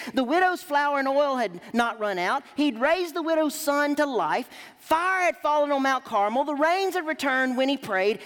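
High-voiced woman preacher in a ringing hall. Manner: emphatic, lively rises and drops. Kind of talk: sermon. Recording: long hall reverb.

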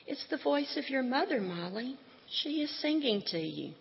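A woman reading aloud and voicing a tender male God who answers gently and reassuringly, in a dull, echoey hall recording. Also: high-pitched, big pitch swings, normal speed, voice pushed up. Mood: gentle.

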